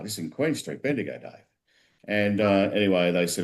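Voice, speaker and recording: A man's voice: sits low, brisk. A man with an Australian accent co-hosting a sports show, telling a joke in a rambling way with restarts and self-corrections. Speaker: co-host.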